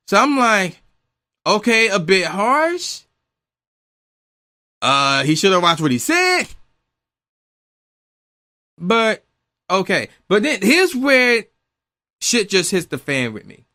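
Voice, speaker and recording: A man's voice: high voice, sing-song, unhurried, pauses often, sharp tone. A man ranting in exasperated, incredulous commentary, swearing freely. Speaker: commentary vlogger.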